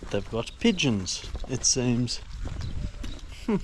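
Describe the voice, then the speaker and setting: A man's voice: medium pitch, animated, slow pace, long pauses. A man casually vlogging as he walks through a village and countryside, muttering laid-back asides with plenty of swearing. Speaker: travel vlogger. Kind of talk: casual walking vlog. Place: outdoors in a rural village and countryside. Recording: outdoor noise from walking on location.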